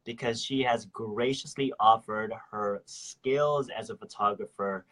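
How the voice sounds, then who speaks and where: A man hosting a casual live-stream chat. He is animated, laughs often and repeats words as he talks. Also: fairly low pitch, measured pace. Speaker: host.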